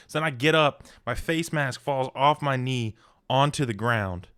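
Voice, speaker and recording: A man with a mid-pitched voice trades comic stories on a podcast, keeping the energy high and jumping into overdone voices for the people he describes. The sound is dry and close, with no room around him. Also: moderate pace, smooth, no echo. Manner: animated storyteller, jumps into exaggerated voices for people in his stories. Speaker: podcast co-host. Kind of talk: casual comedic chat.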